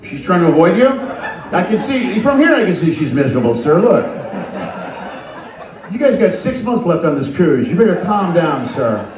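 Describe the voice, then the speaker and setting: A man on stage doing stand-up crowd work, teasing audience members with quick jabs. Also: high-pitched, big pitch swings. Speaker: stand-up comedian. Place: stage in front of a live audience. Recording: live show with roomy echo and crowd noise.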